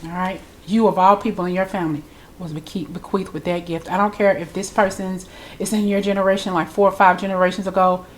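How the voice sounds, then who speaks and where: A woman's voice: lowish voice, little pitch movement, fast, a little hiss or hum. A woman with a congested voice, giving a chatty, loose spiritual reading straight to her viewers. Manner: chatty, loose, repeats herself. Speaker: tarot reader.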